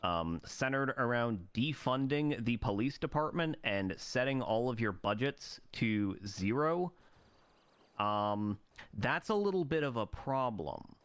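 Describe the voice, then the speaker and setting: A man's voice: mid-range voice, animated, measured pace, fairly bright tone, clear, resonant tone, no room sound. A man moderating a debate, pressing candidates with blunt, profane, sarcastic questions.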